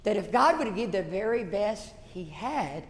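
A man, a pastor telling a folksy story in a sermon that builds to shouted passion. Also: high voice, sing-song, measured pace. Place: church sanctuary. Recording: echoey church hall.

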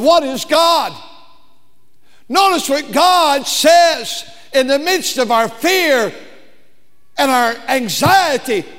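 A man with a very high voice preaches to his congregation, swinging between loud, fervent repetition and hushed near-whispers. He breaks into snatches of hymn singing mid-sermon. The sound rings with the long reverb of a church sanctuary. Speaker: pastor.

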